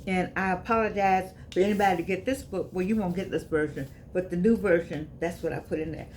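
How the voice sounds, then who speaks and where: An older U.S. author hosting her own channel chats with viewers, repeating phrases in a preacher-style cadence. Her lowish voice is a little fast and a little mellow, with slight hiss or hum.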